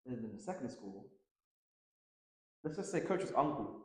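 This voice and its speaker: A man in his thirties, a tennis coach chatting easily as an interview guest, with lots of fillers and quick laughs. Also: mid-range voice, heavy reverb. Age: 30s. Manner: relaxed, filler-heavy, laughs often. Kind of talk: casual interview chat.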